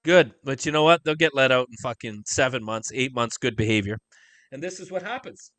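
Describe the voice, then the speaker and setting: A man's voice: mid-range voice, animated, fairly quick, fairly bright tone, a little hiss or hum. A man hosting a livestream, commenting on video clips in an emphatic, profane rant full of rhetorical questions. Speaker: livestream host. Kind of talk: live-stream commentary over video clips.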